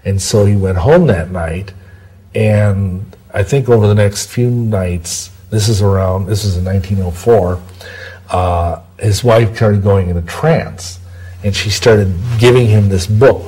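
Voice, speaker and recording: A man with a very low, husky voice and a mellow, dark tone, answering questions in a long interview. He talks in a rambling, digressive way. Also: steady tone, unhurried, low-quality recording. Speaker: interview guest. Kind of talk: long-form interview, storytelling.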